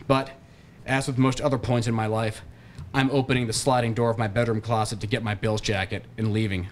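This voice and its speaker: A man, an author, reading his novel aloud at a bookshop in a steady, deadpan way. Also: lowish voice, a little fast, slight background noise.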